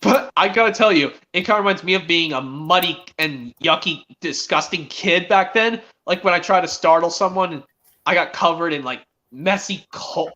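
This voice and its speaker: A man's voice: high-pitched, moderate pace, sharp tone. A teenage boy streaming, chatting eagerly in a rambling way with many restarts. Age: teens. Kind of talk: casual chat.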